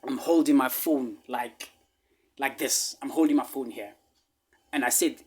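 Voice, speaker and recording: A man with a South African accent telling a personal story casually, repeating himself emphatically and dropping to hushed asides. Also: medium pitch, normal speed, slightly rough.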